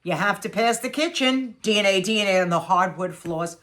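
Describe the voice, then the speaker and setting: A woman's voice: medium pitch, expressive, a little fast, fairly bright tone. A woman in her sixties telling a home story to her viewers in a chatty, sarcastic way, repeating phrases for effect. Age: 60s. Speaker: vlogger. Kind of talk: casual storytelling to camera.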